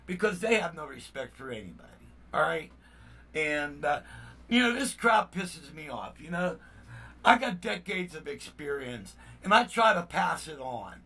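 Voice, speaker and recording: An older musician hosting his own channel talks to viewers in a casual vlog, blunt and rambling, constantly saying "you know what I mean." He sounds heated and indignant, with a slightly high, sing-song, sharp voice, unhurried and recorded from a distance.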